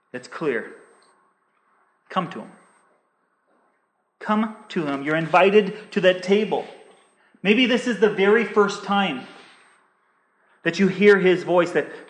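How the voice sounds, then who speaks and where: High-voiced man preaching in an echoey hall. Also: fairly bright tone. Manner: earnest, repetitive appeals with many restarts. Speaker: pastor. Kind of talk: sermon.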